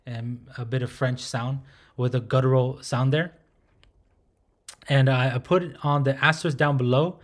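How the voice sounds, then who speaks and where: A man teaching a language lesson, who patiently demonstrates sounds and repeats them slowly, checking in with "right?". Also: medium pitch. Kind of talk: recorded lesson.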